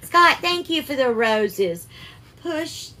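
Southern lady doing a cooking live, calls everyone darling, bright high-ish voice. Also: animated, takes it slowly. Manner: chatty, greets viewers by name with terms of endearment. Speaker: cooking livestream host. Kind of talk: casual live cooking stream.

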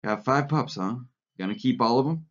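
A man's voice: medium pitch, animated, normal speed, close to an everyday voice. A man reading the part of a blunt, coarse male ranch hand. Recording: lo-fi recording.

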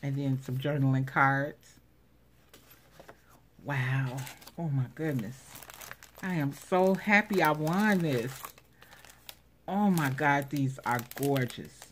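Lady with a low voice gushing over craft goodies, slow and easy, says wow a lot. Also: slight background noise. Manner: gushing, exclaims over each item. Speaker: craft vlogger showing giveaway prize. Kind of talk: casual unboxing commentary.

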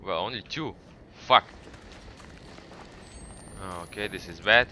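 A man's voice: lowish voice, takes it slowly, pushed and bright, slight background noise. A man commentating his own horror game playthrough, swearing often and breaking into panicked outbursts. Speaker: gaming channel host. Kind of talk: horror let's play commentary.

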